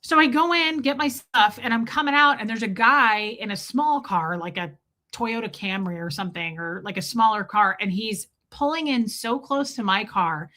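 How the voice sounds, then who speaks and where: A woman's voice: a little high, moderate pace, pushed and bright. A woman hosting a live stream from home, telling a story to her chat in a chatty, blunt way and swearing freely.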